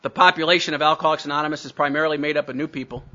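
A man's voice: a little high, fairly even intonation, racing, pushed and bright, dull audio. A man telling his recovery story to a meeting, blunt and self-mocking. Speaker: speaker sharing recovery story.

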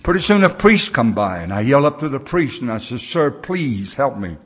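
A man's voice: medium pitch, very animated, a little fast, fairly bright tone. A man in his sixties speaking at a recovery meeting, telling stories in a folksy, plain-spoken way with loose grammar.

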